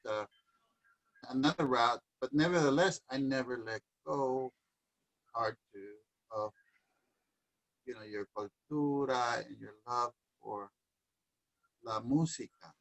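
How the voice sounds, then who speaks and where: A man's voice: mid-range voice, takes it slowly, creaky, long pauses, a bit bright, poor audio. A man in casual conversation on a livestream, talking thoughtfully about music and dance and sometimes dropping in Spanish words. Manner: reflective, sprinkles in Spanish words. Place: home livestream.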